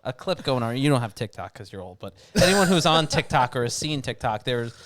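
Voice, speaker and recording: A man's voice: medium pitch, animated, fairly quick, fairly bright tone. A man co-hosting a casual sports podcast, rambling and self-correcting with an amused tone. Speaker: podcast co-host.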